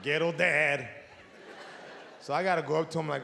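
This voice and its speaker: A man's voice: fairly high pitch, normal speed, gravelly, a little hiss or hum. A middle-aged man doing a stand-up comedy routine on stage, swearing freely and acting out his family's voices. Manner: profane, animated, acts out voices of family. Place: comedy stage before a live audience. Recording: echoey hall with audience.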